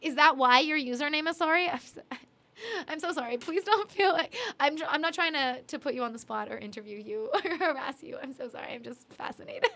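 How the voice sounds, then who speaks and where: A woman's voice: sits high, a little fast, a bit bright. A young woman from Canada chatting casually with viewers on her live stream, giggly and apologetic with lots of fillers. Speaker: streamer and singer-songwriter.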